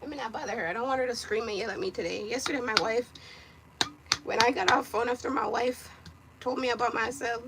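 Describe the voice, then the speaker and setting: A young woman from Jamaica with a Jamaican accent, chatting casually and loudly while getting ready, teasing and cussing. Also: on the high side, very noisy. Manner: loud, brash and teasing, quick to cuss. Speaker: vlogger. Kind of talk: casual live chat.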